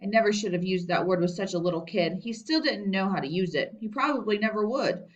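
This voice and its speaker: A woman's voice: mid-range voice, expressive, fast talker. Woman reading a storybook from afar. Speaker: reader. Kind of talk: reading a children's book aloud. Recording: dull distant lo-fi recording.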